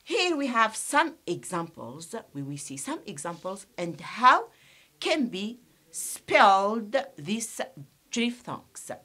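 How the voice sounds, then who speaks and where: A female teacher from Algeria slowly and deliberately drills English pronunciation, repeating each sound for her learners and explaining a few points in Arabic. Her mid-range voice is very animated, pushed and bright.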